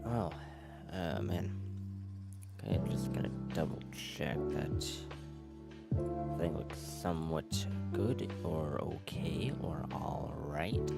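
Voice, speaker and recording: Low gravelly rambling male streamer. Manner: rambling, self-mocking, trails off into murmurs. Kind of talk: casual stream chat and Bible reading.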